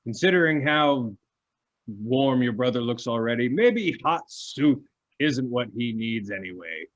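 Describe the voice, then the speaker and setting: A man putting on a crafty, courteous male host in a tabletop game. He chooses his words slowly and pauses often. His politeness carries a sly edge. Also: medium pitch, expressive, highs cut off, natural voice. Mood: coaxing. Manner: halting, overly polite, coaxing.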